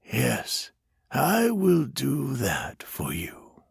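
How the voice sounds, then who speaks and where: A man voicing a gentle, eerie ghostly stranger who speaks in a soft, comforting half-whisper. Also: fairly high pitch, very animated, drawn-out words, vocal fry, slightly rough, no echo, clean studio sound, voice pushed up, exaggerated voice. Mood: soothing.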